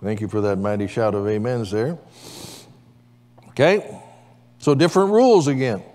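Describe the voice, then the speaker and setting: A man's voice: mid-range voice, moderate pace, a little mellow. A man preaching as pastor in a church, calling for amens from the congregation. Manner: preaching with call-and-response amens. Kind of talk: sermon. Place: church sanctuary. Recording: long church hall reverb.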